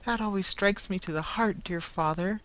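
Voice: medium pitch, moderate pace, fairly bright tone, pitched above the performer's own voice, natural voice. A reader voicing a tender, grieving blind young woman who speaks with earnest pleading.

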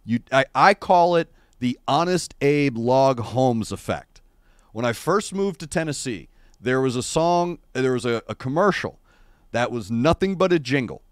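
A middle-aged man hosting a casual livestream chat, telling rambling, wry and animated stories into a streaming microphone. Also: medium pitch, unhurried, no room sound, studio quality. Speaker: show host. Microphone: adjustable streaming microphone.

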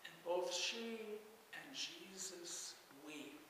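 A male pastor delivers a sermon in a high, sharp, forward voice, pacing every phrase slowly. He tells the story with measured weight and dramatic emphasis. The sound is roomy, with a long reverb tail and faint ambience behind it. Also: background noise.

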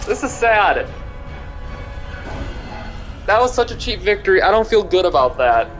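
A young man with a high, light voice talks through a video game, taunting his foes and tripping over his words as he repeats himself. Game music plays clearly behind him. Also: measured pace, pauses often. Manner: mocking, excitable, stammering repeats. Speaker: gamer streamer. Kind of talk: casual gameplay commentary.

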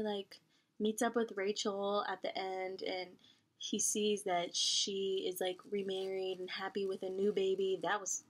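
Young female vlogger, chatty and animated, mid-range voice, casual book talk to camera. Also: mid-range voice. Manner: chatty and expressive, lots of "like" fillers. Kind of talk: casual book review chat.

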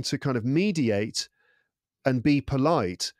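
A man's voice: mid-range voice, moderate pace, no room sound. Englishman, dry close sound. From England. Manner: thoughtful, animated storyteller. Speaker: podcast guest. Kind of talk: casual interview chat.

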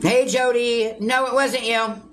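A woman's voice: a little high, steady tone, unhurried, music in the background. A woman chatting casually on a livestream, answering viewer comments and turning snappy at rude ones.

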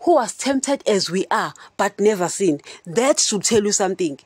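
A woman's voice: medium pitch, lively intonation, normal speed, husky, no echo. Woman, podcast host, casual faith talk, chatty, keeps checking in with listeners, dry close sound. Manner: chatty, keeps asking "you understand?". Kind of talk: casual Christian teaching.

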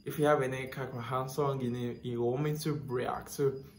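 A man's voice: medium pitch, steady tone, moderate pace. A man hosting a music reaction channel, gushing in casual commentary, repeating himself and filling with "like". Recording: echoey room with faint noise.

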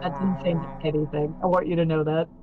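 A woman's voice: low voice, little pitch movement, a little fast, phone-quality sound. A woman co-hosting a game stream, teasing her partner and laughing often. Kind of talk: casual game stream chat.

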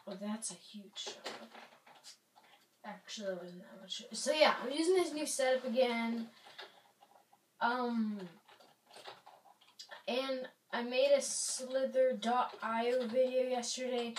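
A woman's voice: fairly high pitch, a little slow, long pauses. A young woman casually commenting on a video game she is playing, rambling and playful, sometimes dropping to a whisper. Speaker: gaming YouTuber. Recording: roomy, distant mic, faint noise.

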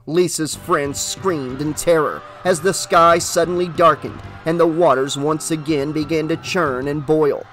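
A man reading a horror novel aloud as an audiobook, with steady, dramatic narration. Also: a little high, no room sound, studio quality.

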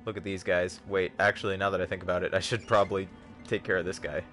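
A man's voice: deep voice, level tone, fast, a bit bright, soft background music. A man giving casual, joking commentary on a gaming livestream, chatting with viewers. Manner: chatty, joking, talks to chat. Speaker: streamer.

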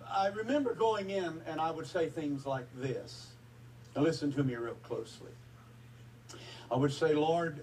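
A man preaching a sermon testimony, earnest and emotional, with halting fillers as he tells a personal story. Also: medium pitch, darkish tone. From Texas. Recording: distant mic with faint background noise.

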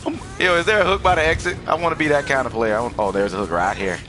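A man hosting a gaming channel, giving excitable live commentary over gameplay, trash-talking the other players and laughing often. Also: mid-range voice, quick pace, music in the background.

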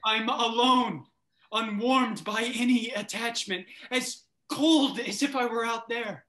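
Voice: medium pitch, slow, fairly bright tone. A young actor playing a lovesick young male writer in a stage drama over a video call, impassioned and pleading. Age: young adult. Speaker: student actor. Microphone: video call microphone.

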